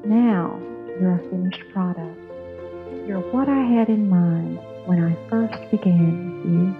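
Woman doing a patient master potter, calm and firm, explaining, tinny phone sound. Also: on the low side, slow, music in the background.

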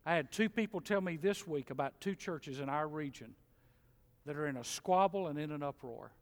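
A middle-aged man preaching a sermon in a church, folksy and animated, mimicking grumblers. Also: on the high side, moderate pace. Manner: animated, folksy, mocks complainers in mimicking voices. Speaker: pastor. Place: church sanctuary. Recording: long hall reverb.

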